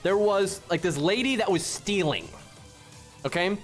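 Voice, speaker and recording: Man, live-stream rant, high-pitched, swears, constant "right?" tags. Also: lively intonation, a little slow, soft background music. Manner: ranting, keeps tagging "right?", swears freely. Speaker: game streamer.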